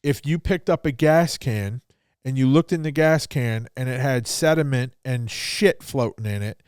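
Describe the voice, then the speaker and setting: Smooth-voiced blunt podcast host, a man. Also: mid-range voice, normal speed, no echo, clean studio sound. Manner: blunt and profane, animated, acting out both sides of a dialogue. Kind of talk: casual conversational storytelling.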